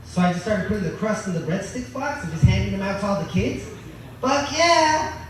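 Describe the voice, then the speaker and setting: A man does crude, profane stand-up at an open mic, boasting deadpan in a high-pitched voice at a slightly fast clip over a noisy background. The recording comes from far off in a very echoey room.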